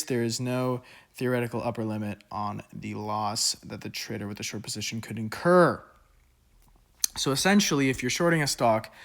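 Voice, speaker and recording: A man of middle pitch tutors finance while working a problem on his tablet. He talks casually and thinks aloud, restarting and chuckling at his own slips. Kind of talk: worked-example lesson. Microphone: recording at an iPad.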